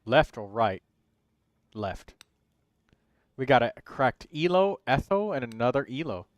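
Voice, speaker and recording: A man streaming a game, reading game text aloud in a relaxed way as casual gameplay commentary. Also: mid-range voice, measured pace, dry recording.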